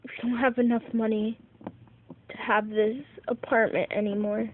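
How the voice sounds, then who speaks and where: A woman's voice: a little high, level tone, normal speed, lightly acted. A woman voicing a loving, struggling mother in a home-made pet-toy story, quoting her in her own voice. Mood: sad. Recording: tinny phone-like recording, faint hiss.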